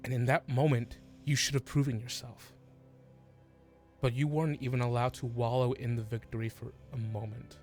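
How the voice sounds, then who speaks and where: A man narrating a fantasy tabletop game as game master, halting and full of restarts, with faint music behind. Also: medium pitch, little pitch movement, a little mellow. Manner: halting, restarts, many fillers.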